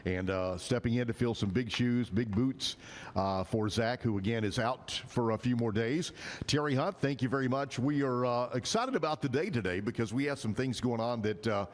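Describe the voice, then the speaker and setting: A Texan man hosting a live backyard show, folksy and teasing, laughing easily. His voice sits at a middling pitch. A long reverb trails each phrase. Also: moderate pace. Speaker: stand-in host. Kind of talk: casual live talk show. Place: outdoor backyard bar stage.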